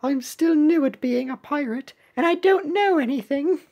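Lady doing a squeaky little shark cookie, bouncy and eager, game sidekick voice. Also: moderate pace, a little mellow, highs cut off. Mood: chirpy.

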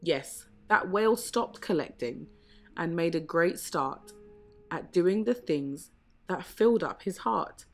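Woman, storybook reading, slow, low-pitched, soft music behind. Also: expressive, gravelly. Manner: slow, gentle, measured reading. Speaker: storybook reader. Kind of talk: rhyming picture-book read-aloud. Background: soft background music.

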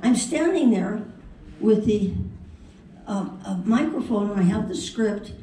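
A woman's voice: medium pitch, lively intonation, a little slow, warm tone. An older woman, a voice actress, telling playful, theatrical anecdotes to a convention audience. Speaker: voice actress at a fan convention panel. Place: large convention hall. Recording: echoey hall, mic from far off, faint noise.

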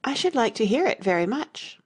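A woman's voice: a little high, very animated, brisk, breathy edge, pitched above the performer's own voice. A woman voicing a polite, curious young girl in an audiobook reading.

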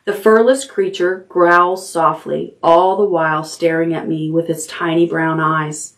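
A woman librarian reading a chapter book aloud at bedtime, unhurried and expressive. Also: deep voice, far from the mic.

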